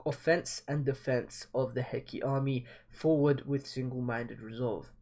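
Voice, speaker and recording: A man's voice: mid-range voice, fairly even intonation, a little slow, a little mellow, voice pushed down. A man reading the lines of an earnest, proud male general rallying his troops in a formal, resolute manner.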